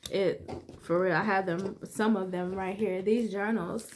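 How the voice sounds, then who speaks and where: A woman's voice: medium pitch, fairly even intonation, unhurried, darkish tone, a little hiss or hum. A woman life coach in her thirties, talking candidly and conversationally to viewers in a motivational vlog. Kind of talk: casual motivational vlog talk.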